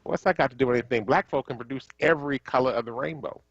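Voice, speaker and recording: A man hosting a talk radio show, chatting in a relaxed way with his co-host and thanking listeners. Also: medium pitch, racing, no room sound. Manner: relaxed, conversational, ends by signing off the show. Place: radio studio. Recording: dull lo-fi stream audio.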